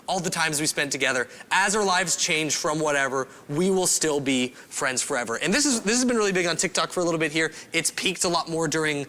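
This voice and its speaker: A young man speaking as a youth pastor in a casual, animated, self-deprecating way, rambling a little as he explains. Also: on the high side, brisk, hardly any pauses. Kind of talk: casual youth service talk.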